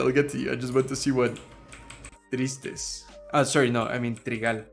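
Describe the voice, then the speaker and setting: A man's voice: mid-range voice, steady tone, moderate pace, creaky. Young male streamer, rambling and laughing, faint music underneath. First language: Spanish. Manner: rambling, laughs at his own tongue-twister slips. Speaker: livestream host. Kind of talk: casual live-stream chat.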